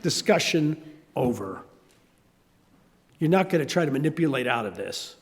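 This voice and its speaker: A man's voice: medium pitch, normal speed, in a large hall. An older man with a Southern US accent preaching a sermon, telling stories and acting out voices. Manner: animated storytelling, acting out voices. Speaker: pastor.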